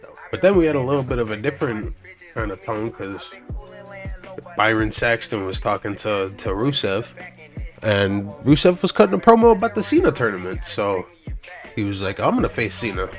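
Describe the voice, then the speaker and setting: A young man with a voice on the low side casually recaps wrestling shows, rambling and swearing as he goes. He keeps restarting sentences and acts out what other people said.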